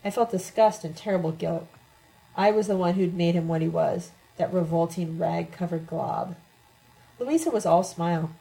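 A woman's voice: on the low side, moderate pace, gravelly, dark tone, poor audio. A woman reading a novel aloud, narrating in the first person with expression. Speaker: audiobook reader. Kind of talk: audiobook narration.

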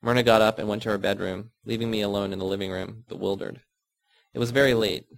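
A man narrating a novel in the first person, in a measured, even way. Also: lowish voice, gravelly, no room sound. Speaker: audiobook reader.

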